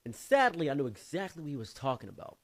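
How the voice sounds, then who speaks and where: A man with a Midwestern American accent telling a rambling, animated personal anecdote and acting out other voices. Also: a little high, fast talker, no echo. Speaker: storyteller. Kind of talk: casual anecdote.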